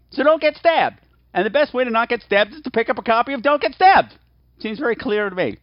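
Campy bright-voiced male podcast host. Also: fairly high pitch, dry recording. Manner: campy, playful, theatrical asides. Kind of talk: casual podcast chat.

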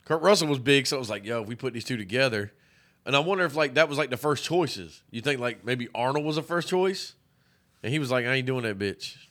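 A man's voice: medium pitch, expressive, quick pace, fairly bright tone. A man co-hosting a podcast, chatting casually and profanely while reviewing a movie. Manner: profane, rambling, joking. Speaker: podcast co-host.

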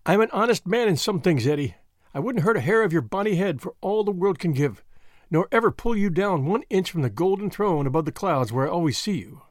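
A man reading aloud, giving an earnest, commanding young man his voice, with lively, rising delivery. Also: high-pitched, brisk, no room sound, clean studio sound. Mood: earnest, tender. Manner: earnest, forceful pleading and solemn speechmaking. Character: bold young man, secret-society member, earnest and commanding.

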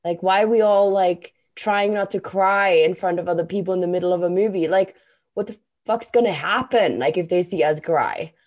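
A woman's voice: lowish voice, moderate pace, a little mellow. A woman hosting a casual conversation, talking with enthusiasm and emphasis and swearing now and then. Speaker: podcast host.

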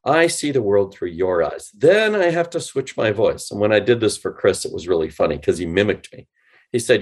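A man being interviewed on a podcast, explaining with animated, demonstrative delivery and acting out example phone lines. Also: fairly low pitch, brisk. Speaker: guest, sales company CEO.

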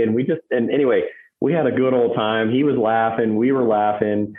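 A man's voice: on the low side, brisk. Man on a tinny echoey headset. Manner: animated storyteller, self-described monotone phone voice. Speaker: agency owner guest. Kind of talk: casual storytelling. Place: home office.

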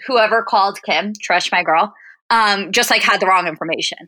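A woman's voice: medium pitch, normal speed, bright, forceful tone, no echo, poor audio. A woman co-hosting a podcast, chatting casually and thinking her answers through aloud. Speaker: podcast co-host. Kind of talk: casual chat.

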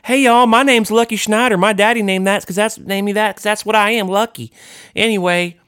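A man's voice: high-pitched, steady tone, brisk, fairly bright tone, clean tone, voice pushed up. A man voicing a cocky young guy with a drawl, boastful and sing-song. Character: cocky young southern guy, showman kid.

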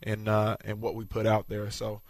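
A man, a pro football player, answering interview questions in a relaxed, modest way. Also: fairly low pitch, normal speed, no echo. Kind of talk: post-practice interview.

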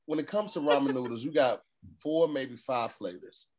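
A man's voice: medium pitch, moderate pace, over a noisy crowd. A man in a casual group podcast chat, arguing his point emphatically and piling up examples. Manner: animated, emphatic listing.

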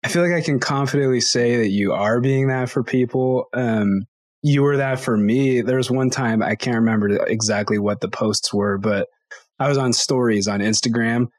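A man hosts an interview in a casual, enthusiastic way, with a voice of middling pitch. His sound is dry and close, with no room around it. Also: normal speed, no echo. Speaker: podcast host. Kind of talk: conversational interview.

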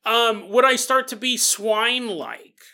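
A man with a high, bright voice hosts a podcast, rambling through a comedic monologue. He jokes constantly and slips into goofy put-on voices. His delivery has a sharp, forward edge. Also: unhurried. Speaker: podcast host.

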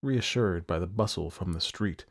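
A man narrating a first-person audiobook at a measured pace. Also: sits low.

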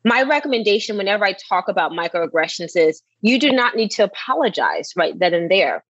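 A woman guest giving measured, advisory explanations on a podcast. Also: mid-range voice, animated, fairly bright tone, no room sound, lo-fi sound. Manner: measured, advisory, clear points. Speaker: expert guest.

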